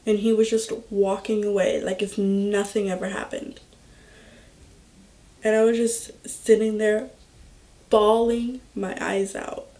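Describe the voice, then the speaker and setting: A young woman vlogger telling a personal story in a slow, halting way, full of filler words. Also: mid-range voice, warm tone. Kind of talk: storytime vlog.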